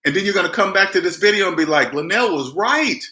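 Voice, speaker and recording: A man giving emphatic personal finance advice straight to camera, mimicking people with big jumps in pitch. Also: very fast, sharp tone, roomy sound. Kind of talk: direct-to-camera advice talk.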